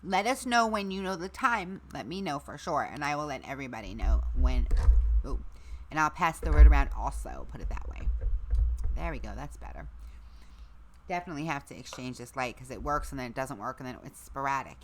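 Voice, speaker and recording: A middle-aged woman hosting a casual livestream, chatting to her viewers, her equipment and her dogs, her voice going hoarse. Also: extremely low pitch, lively intonation, brisk, slight background noise. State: losing her voice. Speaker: livestream host.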